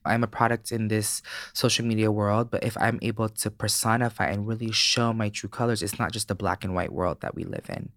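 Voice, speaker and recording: A man in his late twenties from Florida, a podcast guest telling stories in an animated, casual way and swearing freely. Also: lowish voice, fairly quick, hardly any pauses, dry recording, studio quality. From Florida, United States. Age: late 20s. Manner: animated, swears freely, acts out voices in anecdotes. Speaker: guest, beauty creator. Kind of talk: casual interview storytelling.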